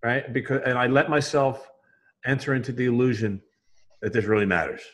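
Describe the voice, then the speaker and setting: A Philadelphia man with a Philly accent hosts a casual conversation, animated and joking. His voice is medium-pitched and a little fast.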